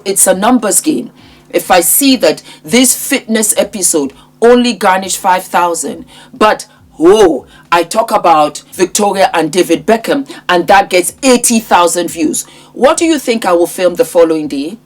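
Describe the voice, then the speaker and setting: Vlogger, woman in her fifties: lowish voice, emphatic, hammers points home by repeating them. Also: animated, moderate pace. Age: 50s. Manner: emphatic, repeats phrases for effect. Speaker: lifestyle YouTuber. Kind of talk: direct-to-camera vlog chat.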